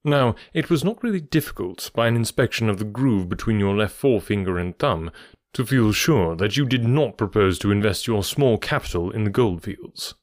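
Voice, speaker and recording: A man voicing a sharp male detective who explains his reasoning in a measured, faintly superior tone. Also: lowish voice, expressive, dry recording, clean studio sound, lightly acted. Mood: lecturing. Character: sharp, lecturing male detective, cool and precise.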